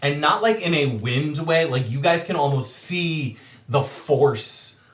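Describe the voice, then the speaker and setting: A man narrating a tabletop game as game master, acting out sounds with animated energy. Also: fairly high pitch, unhurried, reverberant.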